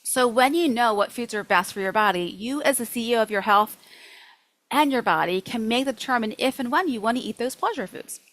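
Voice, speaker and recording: A woman nutrition coach teaching a workshop in a lively, chatty way, acting out her own thoughts. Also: a little high, fairly quick, no echo, poor audio.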